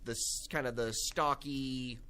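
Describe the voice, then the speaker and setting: A man's voice: medium pitch, measured pace, clean tone. A man co-hosting a podcast, chatting casually and with strong opinions about upcoming films, often with fillers. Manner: animated, opinionated, talks with many fillers. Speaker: podcast co-host. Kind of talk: casual movie chat.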